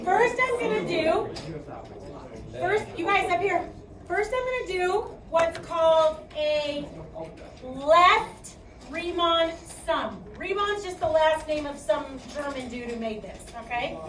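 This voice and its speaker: A young woman with a Chicago accent teaches a classroom math lesson in a high voice. She projects her speech and keeps asking "okay?" as she goes. The sound is roomy and echoey, picked up from some distance, with a faint hiss underneath. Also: slow pace, a crowd in the background. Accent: Midwestern American, Chicago. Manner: chatty, projecting, asks okay often. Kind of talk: classroom lecture.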